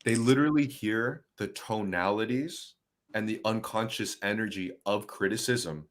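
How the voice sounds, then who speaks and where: A man guest in casual conversation, telling stories in an animated way and mocking others in quoted voices. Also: lowish voice, normal speed. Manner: animated storytelling with mocking impressions.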